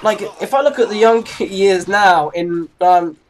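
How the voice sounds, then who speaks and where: This English teen gamer, in their late teens, narrates gameplay in a rambling, chatty way, breaking into giggly asides. The medium-pitched voice moves at a measured pace, with slight noise in the background.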